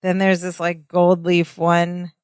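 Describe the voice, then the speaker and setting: A woman's voice: lowish voice, completely flat delivery, darkish tone, clean tone, no echo, studio quality. A woman in her forties co-hosting a podcast, chatting casually as she recaps a sitcom episode. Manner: chatty, retells scenes with quick voices. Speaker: podcast co-host.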